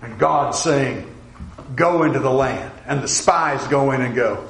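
A man preaching a sermon in an animated way, acting out quoted voices and sometimes dropping to a hush. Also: medium pitch, a little slow, gravelly, reverberant, slight background noise, low-quality recording.

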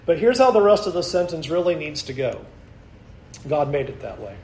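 A man preaching a sermon, earnest, slowing down to stress key lines and dropping to a soft voice at the most important ones. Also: a little high, very animated, gravelly, echoey room, a little hiss or hum, poor audio. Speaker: pastor.

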